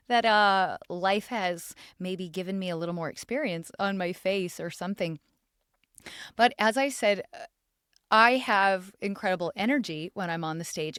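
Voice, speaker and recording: A woman's voice: medium pitch, fairly bright tone, no room sound, clean studio sound. A middle-aged woman hosting a solo podcast, telling funny stories and laughing often as she talks. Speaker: podcast host.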